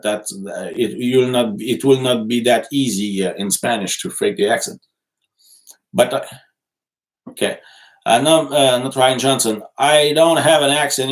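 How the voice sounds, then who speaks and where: A man from Quebec City speaking English with a Quebec French accent; his first language is French. He answers viewer comments in a relaxed livestream chat. His delivery is halting, with many fillers and self-corrections, and his voice sits at an ordinary middle pitch. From Quebec City, Canada. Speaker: livestream host and journalist.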